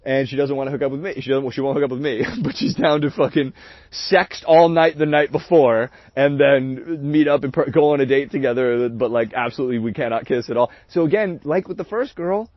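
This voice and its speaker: Speaking fairly quickly at medium pitch, a livestream host casually tells a story, rambling, swearing, and laughing often in a candid way. The sound is a dry, dull lo-fi recording.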